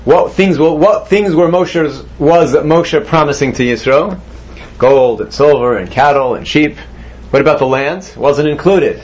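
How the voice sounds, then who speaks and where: Teaching Torah in a slightly high, expressive voice, this man takes his time, posing questions to the class and mixing in Hebrew terms. The sound quality is dull and lo-fi.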